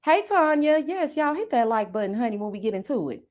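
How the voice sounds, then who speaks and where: A woman talks in a sassy, animated way, with a slightly high voice. She greets her viewers one by one and dishes on a reality show like a casual live stream. She keeps dropping "honey" and "child.". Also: a little fast. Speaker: YouTube reality-show reviewer.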